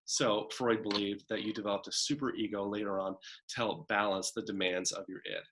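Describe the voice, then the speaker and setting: A man's voice: fairly low pitch, steady tone, normal speed, a bit bright. A man teaching a college psychology lecture in a conversational way, often tagging points with "right?" and "kind of". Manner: acts out a demanding child's voice in examples. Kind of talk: recorded classroom lecture.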